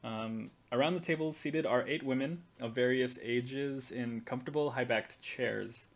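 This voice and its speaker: A game master narrating a tabletop game in a relaxed, halting way, full of fillers and restarts. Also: mid-range voice.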